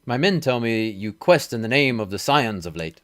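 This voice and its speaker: A man's voice: medium pitch, lively intonation, normal speed, close to an everyday voice. A man voicing a stern, formal male military commander with a stately, old-fashioned delivery, reading game dialogue aloud.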